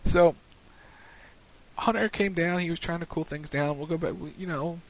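A man's voice: a little high, fairly even intonation, normal speed. A man hosting a wrestling recap show on internet radio, chatting casually and rambling with lots of fillers. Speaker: wrestling podcast host. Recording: muffled lo-fi radio stream.

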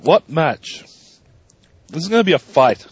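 A man co-hosting a podcast, telling stories in an animated, profane way. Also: on the high side, unhurried, breathy edge, no room sound. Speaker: podcast co-host. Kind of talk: casual podcast chat. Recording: dry, dull lo-fi mic.

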